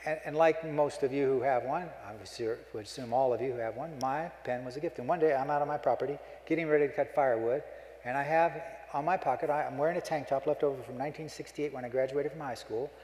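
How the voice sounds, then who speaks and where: A man's voice: mid-range voice, fast talker, darkish tone. Folksy joking man in an echoey hall. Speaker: keynote speaker. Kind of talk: humorous keynote speech. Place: conference hall.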